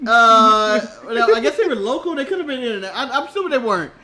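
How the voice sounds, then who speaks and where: A man's voice: very high-pitched, animated, fast talker, crowd noise. A man from the United States co-hosting a casual live stream, joking and laughing often. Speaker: co-host.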